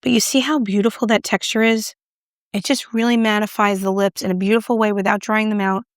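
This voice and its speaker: A woman's voice: medium pitch, steady tone, a little fast, no room sound, clean studio sound. A woman chatting casually to camera while doing her makeup, talking through a product review with a self-mocking, playful manner. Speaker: beauty vlogger.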